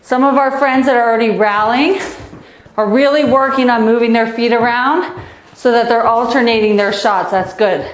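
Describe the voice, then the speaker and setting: Female tennis coach, slightly high voice, out of breath, upbeat and encouraging, echoey room. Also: fairly even intonation, moderate pace. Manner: encouraging, coaching while hitting and counting. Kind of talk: live online kids' tennis lesson.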